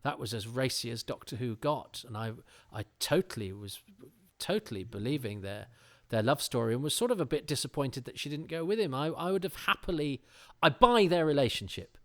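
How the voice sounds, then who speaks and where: A man's voice: medium pitch, animated, a little fast, a bit bright. A middle-aged man hosting a podcast, chatting casually in a rambling way with many restarts. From England. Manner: rambling, self-interrupting, with frequent fillers and restarts. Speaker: podcast host.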